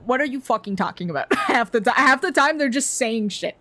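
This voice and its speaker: A woman's voice: sits high, expressive, fast, few pauses, sharp tone. Rambling, foul-mouthed woman streamer. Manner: rambling, profane ranting with frequent laughs. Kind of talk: casual stream chat.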